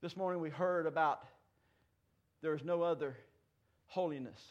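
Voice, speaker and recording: A man in his fifties preaching a sermon in a church, folksy and joking, swinging between loud declarations and hushed asides. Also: a little high, moderate pace, dull audio. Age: 50s. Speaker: pastor. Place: church sanctuary.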